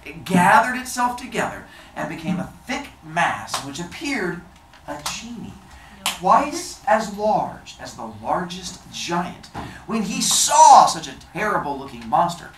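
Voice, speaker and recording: A man's voice: high-pitched, a bit bright. Playful man reading a story aloud. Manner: playful asides that explain words. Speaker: storyteller host. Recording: roomy, distant mic, faint noise.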